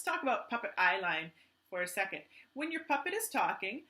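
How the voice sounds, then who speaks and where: Woman teaching artist, kids' art lesson, enthusiastic, gentle, bright animated voice. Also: medium pitch, a little fast.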